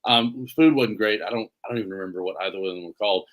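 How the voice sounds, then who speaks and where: Here a podcast co-host talks fast with a fairly low pitch. It's loose, easygoing chat as he meanders through one story after another.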